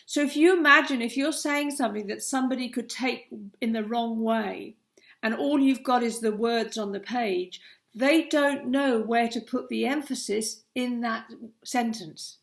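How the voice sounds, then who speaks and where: A woman's voice: on the high side, a little slow, gravelly. A middle-aged woman, a coach, giving earnest, emphatic advice straight to the viewer in a vlog. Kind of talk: direct-to-camera advice vlog.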